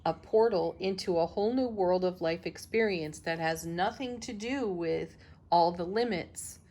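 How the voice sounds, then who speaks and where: Slow, soothing woman reading tarot. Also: fairly low pitch. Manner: slow, soothing, affirming delivery; laughs softly between cards. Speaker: tarot reader, channel host.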